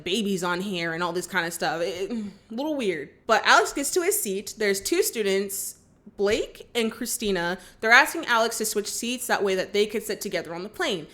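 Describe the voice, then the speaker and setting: A woman's voice: mid-range voice, a bit bright. Woman recapping a movie on her channel, super chatty, lots of like and you know, gets fired up scolding the characters. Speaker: movie reaction vlogger.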